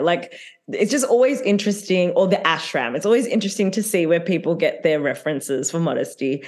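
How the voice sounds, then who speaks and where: A woman with a slightly low voice talks fast and loose on a casual podcast. She laughs often and fills her sentences with "like" and "um". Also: animated, darkish tone. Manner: chatty, giggly, full of filler words. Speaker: podcast co-host. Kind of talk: casual chat recapping reality TV.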